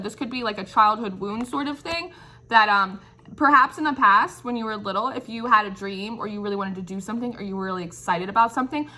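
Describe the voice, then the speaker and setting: A woman's voice: on the high side, pushed and bright. A woman giving an intuitive tarot reading. She muses and searches for words, often checks in with "right?", and speaks in an encouraging, affirming way. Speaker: tarot reader.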